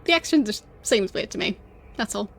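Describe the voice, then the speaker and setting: A young woman streaming a game, chatting casually in English, which is not her first language, with frequent laughs and halting restarts. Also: medium pitch, animated, creaky, fairly bright tone. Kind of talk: casual gameplay commentary.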